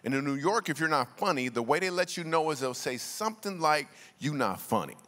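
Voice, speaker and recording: A man's voice: a little high, lively intonation, fairly quick, sharp tone. Man telling funny stories in a reverberant church. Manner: loose, slangy, conversational delivery with punchlines. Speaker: comedian and guest speaker. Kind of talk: comedic storytelling talk to a church congregation. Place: large church auditorium. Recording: long reverb of a large church hall.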